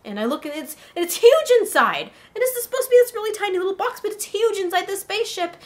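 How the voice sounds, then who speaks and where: A woman with a high, light voice spins a first-person adventure for her vlog. She talks in a casual, animated way, piling one event onto the next. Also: quick pace. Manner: animated, breathless tale-telling. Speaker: vlogger.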